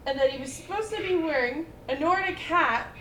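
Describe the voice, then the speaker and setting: A woman in her twenties with a high voice chats casually and a little fast, telling lively stories packed with fillers and quoted voices. The recording is reverberant with slight background noise.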